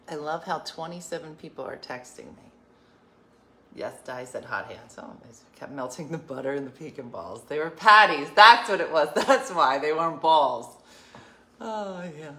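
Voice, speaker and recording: A woman's voice: low voice, animated, a little slow, long pauses, fairly bright tone, reverberant, slight background noise. A woman hosting an online show, chatting casually with viewers and laughing as she tells stories. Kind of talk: casual live-stream chat.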